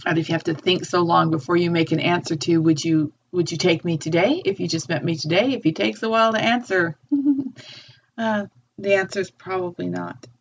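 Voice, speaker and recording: A woman's voice: on the low side, moderate pace, slight background noise. A woman teaching a literature lesson, explaining a text and reading quoted passages aloud with feeling. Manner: thoughtful, reads quotations with feeling. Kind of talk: lecture with read-aloud passages. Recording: dull lo-fi recording.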